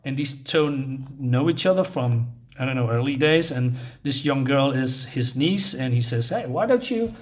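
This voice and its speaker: A man casually reviews a comic book, recapping the pages in a halting, chatty way full of fillers and restarts. His voice is mid-range.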